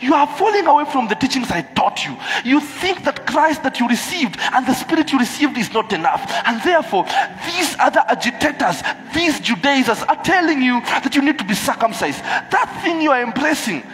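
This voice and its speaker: High-voiced preacher in a hall. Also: male voice, normal speed, hardly any pauses. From Kenya. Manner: animated, switches into Swahili, acts out quoted voices. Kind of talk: sermon. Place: church hall. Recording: echoey church hall with music.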